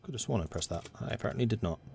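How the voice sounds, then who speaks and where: A man's voice: lowish voice, animated, racing, creaky, a little mellow, slight background noise. A man giving casual commentary on a strategy game, thinking aloud and correcting himself as he goes. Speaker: game streamer.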